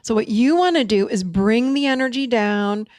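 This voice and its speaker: A woman's voice: a little high, expressive, normal speed, darkish tone, no echo, clean studio sound. A middle-aged woman hosting a podcast, teaching in a casual, emphatic way and repeating key phrases for weight. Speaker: podcast host and coach.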